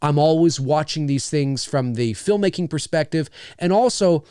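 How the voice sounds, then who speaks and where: Lively, swearing man on livestream. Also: on the high side, moderate pace, clear, resonant tone, dry recording, clean studio sound. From Canada. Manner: profane, rambling, enthusiastic. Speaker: livestream host. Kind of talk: casual livestream chat.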